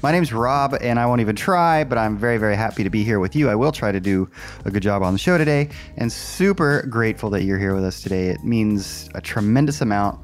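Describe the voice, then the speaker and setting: A man's voice: fairly low pitch, expressive, a little fast. A man co-hosting a podcast who talks in a friendly, grateful and casual way. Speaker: podcast co-host.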